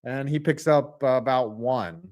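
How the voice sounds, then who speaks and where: A man's voice: mid-range voice, measured pace, darkish tone. A man giving live reaction commentary on a football game, calling plays, joking with his chat and cursing at the referees' calls.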